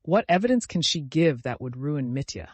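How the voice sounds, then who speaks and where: A male narrator voicing a gentle, earnest young man who speaks softly with timid reproach. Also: a little high, very animated, moderate pace, no echo.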